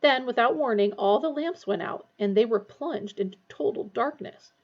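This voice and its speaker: Woman narrator for a storybook, steady and expressive, recorded with a dull lo-fi sound. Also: a little high, moderate pace. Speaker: audiobook reader.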